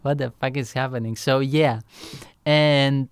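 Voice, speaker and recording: A man's voice: mid-range voice, steady tone, unhurried, clear, resonant tone, dry recording, studio quality. A young man telling a rambling, casual story as he reacts to his own song, loose and full of fillers and swearing.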